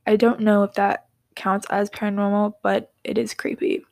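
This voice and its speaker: A young woman hosting a casual podcast, reading listener stories and rambling into her own tales, often dropping into soft whispers and giggly apologies. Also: mid-range voice, flat delivery, normal speed, vocal fry, no room sound, studio quality. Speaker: podcast host.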